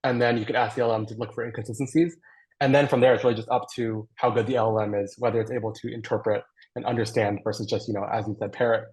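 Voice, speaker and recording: A man with a slightly husky, breathy voice answers audience questions on a video call. He thinks aloud as he goes, hedging and restarting with plenty of fillers. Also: on the low side, flat delivery, fast talker, a little mellow, poor audio. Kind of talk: online Q&A after a technical talk.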